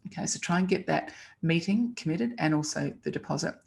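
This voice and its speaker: A woman's voice: deep voice, expressive, fairly quick, gravelly, darkish tone. A woman teaching about pricing in a chatty, emphatic way, acting out client dialogue as examples. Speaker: copywriting teacher. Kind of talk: casual instructional talk.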